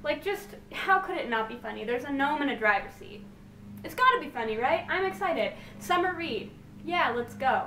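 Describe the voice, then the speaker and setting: A young woman vlogger chatting casually and excitedly, rambling with lots of fillers as she gushes. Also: sits high, normal speed. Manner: bubbly, gushing, rambling with fillers. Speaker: book vlogger. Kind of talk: casual book haul chat. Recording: echoey room, distant mic, faint hiss.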